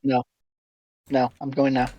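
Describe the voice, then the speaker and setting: A man's voice: mid-range voice, monotone, a little slow, mellow, lo-fi sound. A man co-hosting a casual podcast, blunt and teasing, swearing freely. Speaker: podcast co-host. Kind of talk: casual chat.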